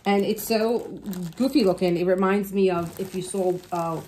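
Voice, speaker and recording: A woman hosting a casual unboxing vlog at home, gushing and softly exclaiming as she talks into a phone on a tripod. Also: medium pitch, moderate pace, a little hiss or hum. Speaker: crafting channel host.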